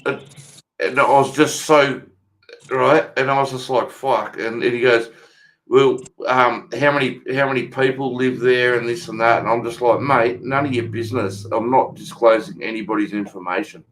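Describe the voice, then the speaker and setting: A man's voice: medium pitch, steady tone, moderate pace, fairly bright tone, a little hiss or hum. An Australian man in a loose, profane chat who tells his story bluntly and mocks whoever he quotes. His voice sits in an ordinary middle register. He sounds unbothered and talks freely. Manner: blunt, swears freely, retells calls in a mocking voice.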